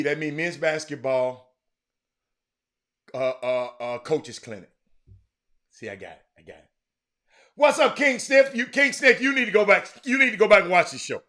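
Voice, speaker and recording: A middle-aged man hosting a sports talk show, chatting casually and teasing viewers in the comments with loud, animated outbursts. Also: high-pitched. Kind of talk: casual live-stream chat reading the comments.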